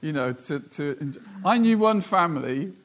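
A man preaching a sermon, who talks slowly and deliberately and reads scripture aloud. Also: on the high side, lively intonation, a bit bright.

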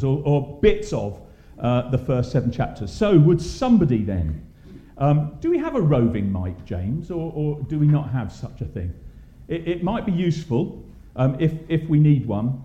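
Man leading Bible study, animated delivery, dark tone, echoey muffled hall. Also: mid-range voice. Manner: asks the group questions, many fillers. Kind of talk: interactive church Bible study. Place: church hall.

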